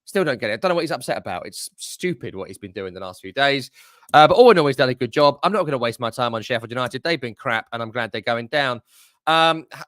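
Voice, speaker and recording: A man, a football expert talking bets in a blunt, opinionated, brisk casual chat. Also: medium pitch, fairly bright tone, dry recording, studio quality.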